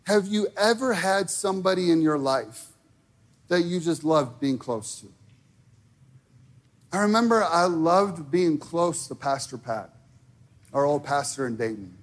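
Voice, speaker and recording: A man preaching a sermon in a church, talking casually with lots of "like", rising to shouted peaks and dropping to quiet asides. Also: fairly high pitch, lively intonation, a little slow, pauses often. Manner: casual wording with many fillers like "like". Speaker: pastor. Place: church sanctuary.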